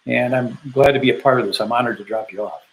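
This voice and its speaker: An older man voicing a kind, earnest male driver who speaks in a gentle, insistent way. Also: mid-range voice, fairly even intonation, fast talker, a little hiss or hum, natural voice, rough recording.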